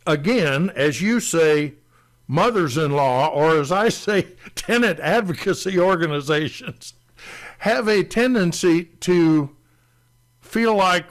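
A man co-hosting a talk show, explaining rental rules in a deliberate way and stressing key words. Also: high-pitched, fairly bright tone. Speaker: landlord co-host explaining rental law.

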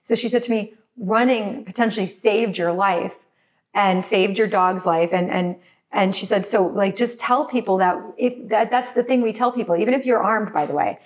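A woman's voice: medium pitch, normal speed. A woman guest telling a frightening personal story in a podcast chat, emotional and apologetic, sometimes crying, with many restarts. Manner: tearful, apologetic, restarts often. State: crying at times.

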